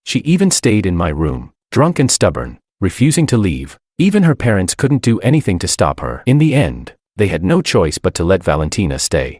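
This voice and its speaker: Deep-voiced male storyteller, lively. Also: no room sound, clean studio sound. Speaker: narrator. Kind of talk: first-person story narration.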